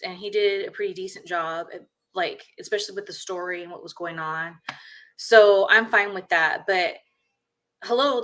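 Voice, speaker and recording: A woman's voice: mid-range voice, a bit bright. A woman hosting a podcast in casual chat, blunt and rambling with lots of fillers. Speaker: podcast host.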